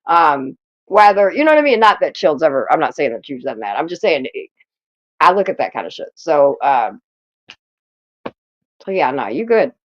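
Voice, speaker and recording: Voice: medium pitch, sing-song, normal speed, long pauses, muffled recording. A streamer talking casually and loosely to the chat, with fillers and profanity. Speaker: streamer reacting to a clip.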